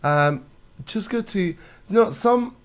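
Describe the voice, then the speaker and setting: French guy chatting over drinks, kinda high voice, lots of ums and likes. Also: animated, slow. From France. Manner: chatty, laughs often, lots of fillers. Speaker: guest. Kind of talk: casual chat over drinks.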